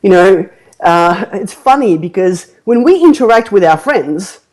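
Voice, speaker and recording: A woman hosting a marketing podcast in casual chat, animated and rambling with fillers, laughing often. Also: mid-range voice, measured pace, poor audio. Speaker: podcast host, marketing coach.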